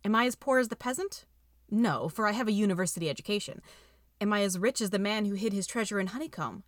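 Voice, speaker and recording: A woman's voice: medium pitch, quick pace, no echo, clean studio sound. Woman reading a story aloud. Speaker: audiobook reader.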